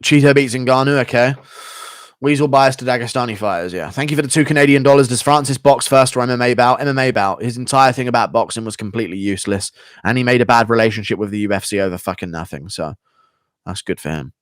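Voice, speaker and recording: A man's voice: mid-range voice, fast talker, dry recording, clean studio sound. A man talking bluntly and swearing freely in a casual live-stream chat, answering viewers.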